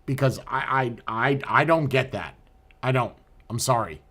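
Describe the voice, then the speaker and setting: A man's voice: mid-range voice, expressive, normal speed, a bit bright, husky. A man hosting a podcast, reacting to protest clips with incredulous questions and stammering restarts. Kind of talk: commentary over video clips.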